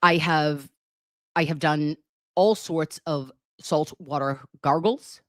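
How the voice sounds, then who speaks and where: A woman's voice: deep voice, steady tone, slow pace, fairly bright tone, no room sound, studio quality. Chatty woman with a slight lisp. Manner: gushing, chatty and dramatic, reads viewer comments. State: slight lisp from a sore swollen tongue. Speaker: livestream host. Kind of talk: casual livestream chat.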